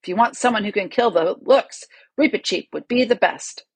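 A woman reading the part of a gruff male dwarf with a slow, emphatic manner. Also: medium pitch, no room sound. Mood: blunt.

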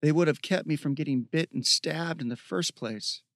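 A man's voice: a little high, normal speed, no room sound, close to an everyday voice. Man voicing a tired wounded young guy, wry, plain mid voice, audiobook, dry. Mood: weary.

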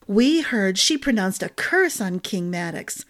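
A woman's voice: mid-range voice, sing-song, measured pace. A woman voicing a gossipy, motherly head cook who talks with emphatic fondness.

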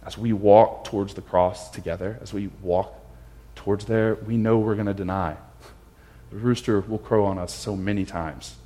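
A man's voice: on the low side, fairly even intonation, normal speed, dark tone. A male pastor giving a sermon in a reflective way, repeating phrases for emphasis.

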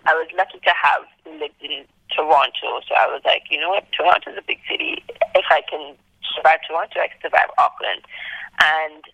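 A young woman tells her story as an interview guest, her voice low and bright with a gravelly edge. She jumps up in pitch whenever she acts out someone's words. The recording is dry and a little muffled. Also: moderate pace, no room sound. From Antigua, Caribbean. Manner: lively, acts out quoted speech with big jumps in pitch. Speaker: guest, travel blogger.

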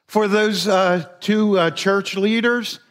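A man's voice: high-pitched, steady tone, slow. A middle-aged man giving a conversational, folksy sermon as a lay preacher, rambling a little and chuckling between thoughts. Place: church sanctuary.

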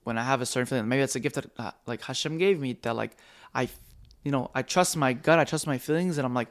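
A young man co-hosts a casual podcast and talks quickly, his words tumbling out one after another. He tells his stories with animation and jumps into the voices of the people he quotes. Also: medium pitch, no room sound. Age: young adult. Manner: animated storyteller who acts out quoted voices. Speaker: podcast co-host. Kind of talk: casual chat.

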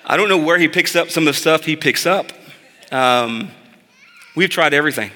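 In a church sanctuary, a pastor in his thirties weaves scripture together with funny, conversational stories about his kids. His voice is fairly high, bright, and forceful, moving at a moderate pace. Long hall reverb trails his words.

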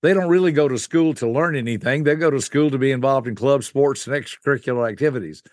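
An older man, a guest expert, explaining personality types in an animated teaching style, acting out quick voices. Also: medium pitch, dry recording, clean studio sound.

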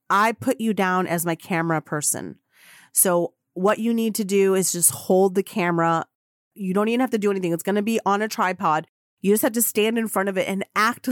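A woman podcast host telling a story in an excitable way, acting out the voices of the people in it. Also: mid-range voice, dry recording, clean studio sound. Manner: acts out quoted voices, excitable. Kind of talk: animated storytelling.

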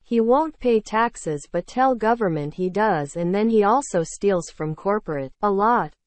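A woman's voice: medium pitch, expressive, unhurried, a little mellow, dry recording, close to an everyday voice. Woman as ex-diner cook, resentful, broken english, earnest, dry close sound. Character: former diner cook testifying against her boss, resentful.

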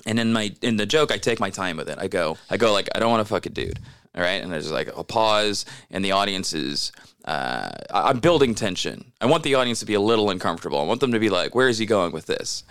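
A man, a comedian co-hosting a podcast, telling a story in casual chat, animated and profane, laughing often. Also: lowish voice, quick pace, smooth, no room sound, clean studio sound.

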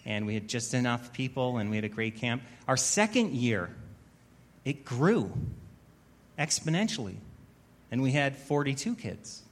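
A man preaching a sermon as pastor, telling a story with wry, self-mocking humor and building to louder, emphatic preaching. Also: medium pitch, very animated, measured pace, pauses often.

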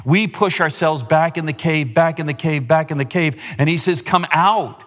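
A man preaching a sermon in a church, impassioned, rising to a higher pitch at his climaxes. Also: normal speed. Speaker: pastor. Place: church sanctuary. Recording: long hall reverb.

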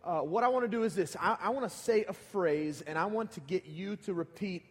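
A man's voice: sits high, a little fast. A man in his thirties preaching in a casual, conversational way and leading the congregation in call-and-response. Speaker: pastor. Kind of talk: sermon. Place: large church hall. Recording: long hall reverb.

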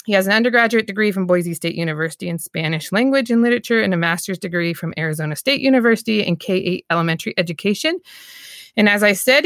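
A woman's voice: medium pitch, fairly bright tone, dry recording, studio quality. A woman hosting a podcast, giving a cheerful, chatty introduction and asking questions, laughing easily. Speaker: podcast host. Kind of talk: upbeat podcast interview introduction.

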